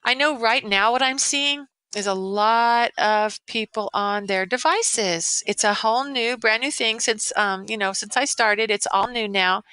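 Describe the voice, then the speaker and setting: Woman in her sixties, longtime educator, bright tense tone, dry close podcast sound, earnest rambling guest. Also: on the high side, a little slow, few pauses, clean tone, dry recording, poor audio. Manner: earnest, rambling, many restarts. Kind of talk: casual interview chat.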